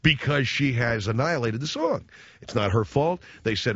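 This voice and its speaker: A man's voice: mid-range voice, lively intonation, normal speed, no echo, dull audio. A man hosting a radio show, ranting sarcastically and rambling from one showbiz jab to the next. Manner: sarcastic, rambling, riffing with impressions. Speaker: radio host. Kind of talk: comedic talk radio rant.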